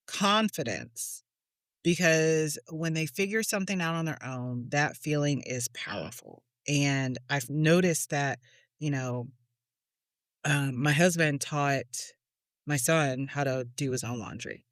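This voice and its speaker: A woman's voice: deep voice, expressive, slow pace, no echo, clean studio sound. A woman co-hosting a casual parenting chat, telling stories about her kids and laughing often. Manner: chatty storyteller, laughs often. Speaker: podcast co-host, mother.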